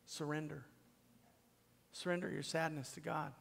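High bright-voiced pastor guy, goes loud then whispery, big echoey sanctuary. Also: fairly even intonation, normal speed, vocal fry. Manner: builds to loud, pleading peaks, then drops to a hushed whisper. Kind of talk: sermon. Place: church sanctuary. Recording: long reverb of a church hall.

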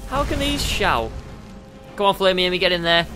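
A man giving excitable let's play commentary, yelping and tossing out goofy exclamations. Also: sits high, normal speed, soft background music. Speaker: gamer.

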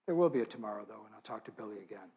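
Husky man telling an earnest story. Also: on the low side, animated, very fast, mellow. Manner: earnest, intimate storytelling with quoted dialogue. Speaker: church musician and speaker. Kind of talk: storytelling talk at a church event. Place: church.

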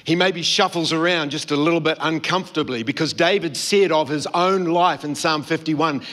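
A man's voice: on the high side, moderate pace, a bit bright. A man preaching a sermon, telling the story and acting out the quoted voices. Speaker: pastor. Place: church hall.

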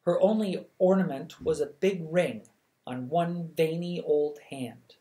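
A reader narrating a children's novel at bedtime, measured and even. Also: mid-range voice. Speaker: audiobook reader. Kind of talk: scripted storybook narration.

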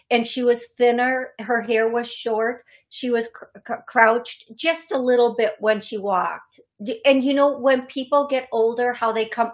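Chatty middle-aged woman radio medium. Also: on the high side. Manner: halting, apologetic, many fillers and restarts. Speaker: psychic medium radio host. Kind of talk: call-in radio reading.

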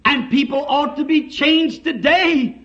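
Southern man, revival preacher, slow and deliberate, shouting then hushed, on a dull old tape. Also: very high voice. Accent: Southern United States. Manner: impassioned, swings from shouting to hushed. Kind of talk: old-time revival sermon. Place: church service.

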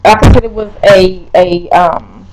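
A young woman vlogging a wig review, talking straight to her viewers, swearing and exasperated, her voice jumping up high when upset. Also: steady tone, measured pace, very noisy. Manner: pitch leaps when upset. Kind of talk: casual vlog, ranting.

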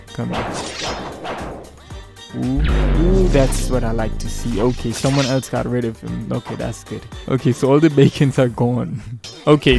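A man's voice: mid-range voice, creaky. A man giving live gameplay commentary as a gaming YouTuber, with playful mock-villain trash talk and frequent laughs.

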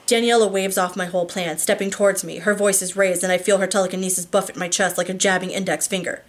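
A woman reading a first-person novel aloud, steady with small slips and restarts. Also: medium pitch, quick pace, few pauses. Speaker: audiobook reader.

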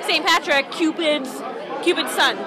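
A woman's voice: high voice, unhurried. A tipsy woman at a crowded party, rambling and giggly in an interview. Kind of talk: street interview answer. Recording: noisy crowd behind.

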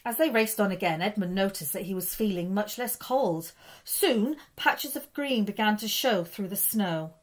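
Female teacher narrating a kids' book, expressive storyteller delivery. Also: medium pitch. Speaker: primary school teacher. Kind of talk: reading a children's story aloud.

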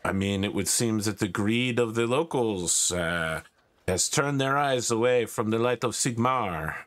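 Brief: man at a tabletop game, bright crisp voice, playful and jokey. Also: on the low side, expressive, measured pace. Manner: joking, playful. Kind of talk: casual tabletop role-play chat.

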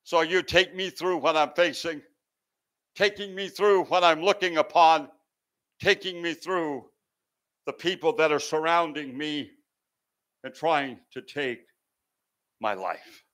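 A male pastor preaching an impassioned sermon that swells loud and sinks low, sometimes stumbling over words. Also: takes it slowly, pauses often. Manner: impassioned, swells and drops in volume.

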